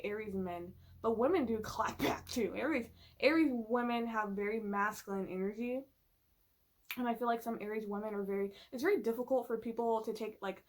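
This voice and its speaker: A woman vlogging in casual chat, swearing often and filling her talk with "like", playful and emphatic. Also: medium pitch. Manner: profane, filler-heavy and chatty.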